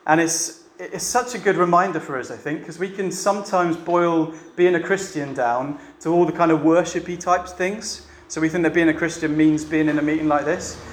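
Chatty preacher in an echoey hall. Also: male voice, a little high, fairly even intonation, moderate pace, hardly any pauses, a little hiss or hum. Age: adult with a family. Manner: chatty, asks the room rhetorical questions. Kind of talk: sermon. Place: church meeting. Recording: echoey room with faint ambience.

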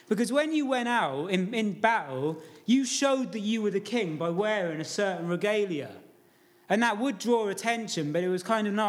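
High-voiced preacher. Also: male voice. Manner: informal storytelling, asks the congregation questions. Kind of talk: sermon.

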